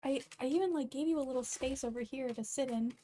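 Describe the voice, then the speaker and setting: A woman's voice: high-pitched, fast talker, mellow, a little hiss or hum. A young woman streaming, chatting casually and laughing a lot while fussing over her cat. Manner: chatty, giggly, distracted, talking to her cat. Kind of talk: casual livestream chat.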